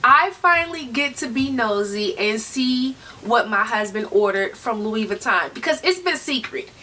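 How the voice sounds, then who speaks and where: A woman's voice: fairly high pitch, animated, normal speed, bright, forceful tone. A woman vlogging at home, chatting and teasing casually as she unboxes a delivery. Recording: distant mic, noisy room.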